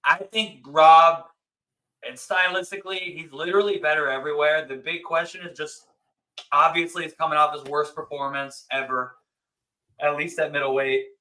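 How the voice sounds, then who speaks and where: Casual co-host, man, bright forceful voice, excitable and chatty. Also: a little high, poor audio. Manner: excited, talks fast with many "like"s. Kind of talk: casual podcast chat.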